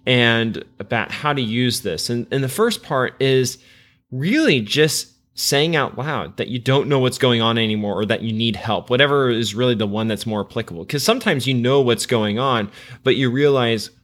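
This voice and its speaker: An American man hosting a podcast, who guides the conversation in a relaxed, chatty way. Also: medium pitch, normal speed. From United States. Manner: conversational, guiding the discussion. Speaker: podcast host.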